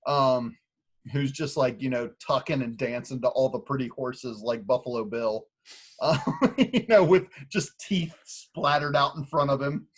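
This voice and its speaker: Husky thirtysomething guy hosting a podcast, laughs a lot, animated storytelling, mid pitch. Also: a little slow. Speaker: podcast host. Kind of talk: casual podcast chat.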